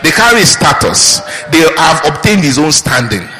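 Man, pastor, sermon, slightly high voice, bright, hall reverb. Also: moderate pace. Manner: animated preaching with mimicked prayers and rhetorical questions.

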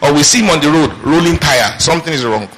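Bright-voiced male pastor preaching call-and-response. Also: a little high, fast talker, poor audio. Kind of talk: sermon.

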